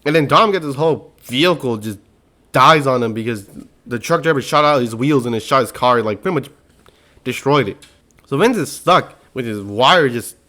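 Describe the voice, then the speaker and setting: Slangy young man recapping a movie. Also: a little high. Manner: slangy, animated storytelling with quoted lines.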